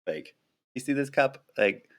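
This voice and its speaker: A man casually answering viewer questions on a live stream, chatty and animated, with lots of fillers and restarts, speaking close to a desk mic at home. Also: mid-range voice, measured pace. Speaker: flight attendant streamer.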